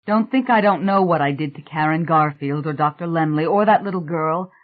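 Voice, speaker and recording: A man voicing a calm, strong-willed woman who talks in a firm, clipped and sometimes sharp way. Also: on the high side, brisk, close to an everyday voice. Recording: thin, phone-like audio.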